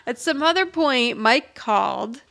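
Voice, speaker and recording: A woman's voice: high voice, lively intonation, unhurried, gravelly, fairly bright tone. A woman co-hosting a podcast, casually recapping a TV episode and acting out the characters' lines, often laughing. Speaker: podcast co-host.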